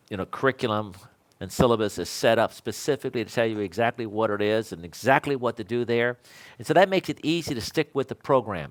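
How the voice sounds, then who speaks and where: With a fairly low-pitched voice, a sixty-something electrical code instructor talks informally among his fellow instructors. He rambles, makes self-deprecating remarks and laughs frequently.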